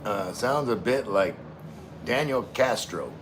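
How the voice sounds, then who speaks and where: A man's voice: fairly low pitch, animated, takes it slowly, a little hiss or hum. A man hosting a casual livestream, reading chat messages aloud in a laid-back, slangy, rambling way while having a few drinks.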